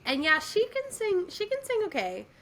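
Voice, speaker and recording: High, bright-voiced woman, slow and gushing. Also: huge pitch swings. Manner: enthusiastic, gushing, with many fillers and restarts. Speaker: podcast co-host. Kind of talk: casual chat.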